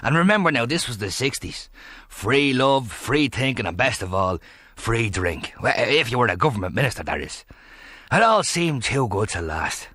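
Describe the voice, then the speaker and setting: A man's voice: medium pitch, big pitch swings, moderate pace, pushed and bright, no echo. An actor narrating a radio comedy as a nostalgic, ironic Irish man, dry and knowing.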